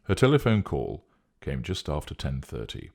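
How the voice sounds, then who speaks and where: A man narrating a story in a steady, measured reading voice. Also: a bass voice, vocal fry.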